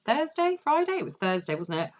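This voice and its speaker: A woman's voice: on the high side, big pitch swings, a little fast. A woman from Cornwall, a guest on a radio show, chatting casually and laughing often at herself.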